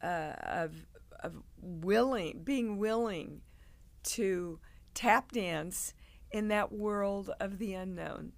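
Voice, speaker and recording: An older woman, a guest actress, telling animated stories in a casual interview and acting out the people she quotes. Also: medium pitch, very slow, gravelly. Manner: animated storyteller, acts out quoted voices.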